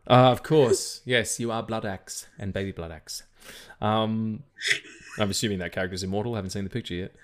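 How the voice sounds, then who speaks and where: A male podcast co-host chatting about films in a loose, rambling way. His voice sits a little low. He swears freely and often trips over his words and restarts. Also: brisk. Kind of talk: casual chat.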